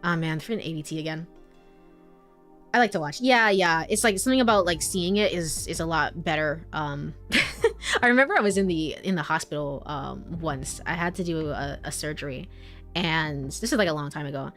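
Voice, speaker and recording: A woman's voice: low voice, animated, moderate pace, fairly bright tone, soft background music. A young woman game streamer chatting casually while reading a visual novel aloud, rambling with lots of fillers and giggles.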